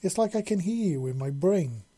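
A man's voice: high-pitched, animated, normal speed, warm tone, husky, voice pushed up. A man voicing a young black-furred feline girl who sounds timid at first and then speaks bluntly. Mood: frank.

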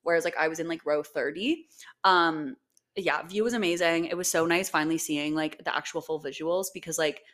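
A woman's voice: deep voice, fairly quick, fairly bright tone. A young woman co-hosting a podcast in casual chat, gushing and swearing freely, with lots of "like" and "um". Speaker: podcast co-host.

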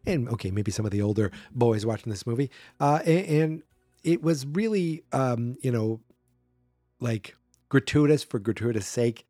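A man's voice: mid-range voice, animated, normal speed, dark tone, dry recording, studio quality. A man hosting a solo podcast, rambling through a movie in casual commentary and acting out quotes in a raised voice. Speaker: podcast host.

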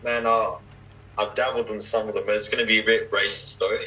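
A young man talks in a casual, halting way, stacking fillers and restarts. His voice sits a little low but sounds bright and pushed. The recording is dull and lo-fi. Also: little pitch movement. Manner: hesitant, full of fillers and restarts. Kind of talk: casual chat.

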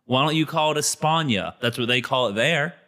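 A Texan man with a bright, forward voice, co-hosting a podcast. He rants with mock indignation, firmly sure of his opinions and happy to push them. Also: mid-range voice, fairly quick. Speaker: podcast co-host. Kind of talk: casual podcast chat.

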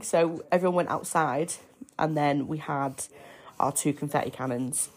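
A young woman hosting her own podcast, her voice pitched notably low. She tells a personal story in a chatty, excitable way, like she is chatting with a friend. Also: normal speed. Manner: chatty, excitable, breaks off to coo at her baby. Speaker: podcast host. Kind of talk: casual storytelling.

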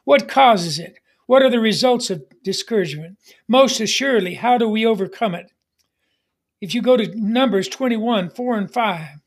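Man, middle-aged, pastor, very high voice, emphatic preaching, repeated refrains. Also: lively intonation, moderate pace. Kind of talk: sermon.

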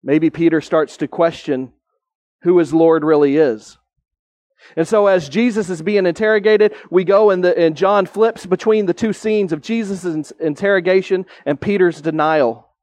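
A male pastor with a high voice gives a heartfelt sermon, letting his pitch climb on key points and slowing right down when he wants to stress them. His voice is a little mellow, and the close, dry recording has no room sound.

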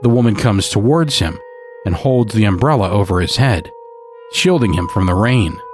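A man narrating a dark story in a measured, scripted storytelling manner. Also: fairly low pitch, expressive, soft background music.

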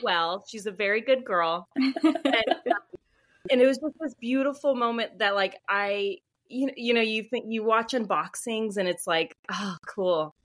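A woman author, a podcast guest, telling a story in a chatty, animated way with lots of fillers. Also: on the high side, unhurried. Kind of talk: casual podcast interview storytelling.

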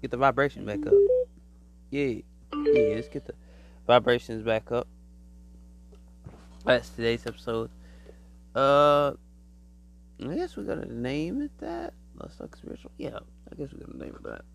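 Animated man musing casually on a podcast. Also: medium pitch, unhurried, gravelly, long pauses, faint music behind, poor audio. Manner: animated, loose storytelling with slang. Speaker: podcast host. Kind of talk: casual solo monologue.

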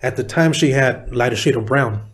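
A middle-aged man from San Diego, a rapper guest telling a story in a profane, animated way, acting out the people he quotes. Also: mid-range voice, moderate pace. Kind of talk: casual storytelling interview.

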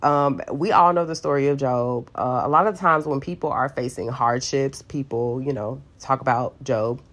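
A woman's voice: very deep voice, normal speed. A woman giving a casual, playful Bible talk full of fillers and asides. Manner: chatty and playful, many fillers, acts out voices. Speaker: Bible teacher. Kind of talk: casual devotional teaching.

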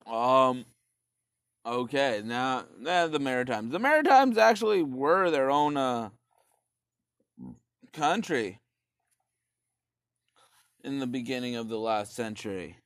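Slow, rambling, swearing man. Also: mid-range voice, lively intonation, fairly bright tone, smooth, no room sound, studio quality. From Canada. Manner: rambling and profane, many fillers and restarts. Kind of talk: casual rant.

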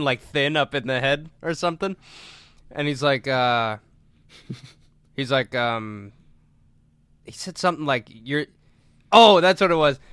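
Bright, laughing young podcast co-host. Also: male voice, on the high side, smooth, no room sound. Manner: storytelling with quotes, laughs often, swears. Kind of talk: casual chat.

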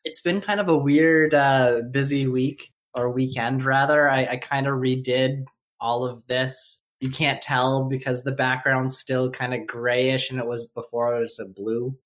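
A man's voice: mid-range voice, flat delivery. Hesitant Canadian male co-host. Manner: halting, stammering restarts. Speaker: podcast co-host. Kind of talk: casual chat.

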